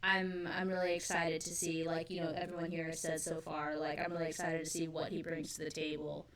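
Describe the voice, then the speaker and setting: A woman's voice: low-pitched, flat delivery, a little fast, recorded from a distance, a crowd in the background. A woman co-hosting a fan discussion stream, talking enthusiastically with lots of fillers. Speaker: podcast co-host.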